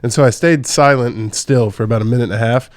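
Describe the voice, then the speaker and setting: A man's voice: mid-range voice, fast, dry recording, studio quality. A young man hosting a comedy podcast, telling crude stories in a loose, laughing way. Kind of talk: casual comedic podcast chat. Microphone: studio podcast mic.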